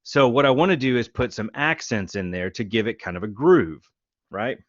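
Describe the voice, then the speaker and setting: A man teaching a music class, counting beats out loud and showing rhythms on guitar. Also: medium pitch, normal speed, dry recording, muffled recording. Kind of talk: lecture.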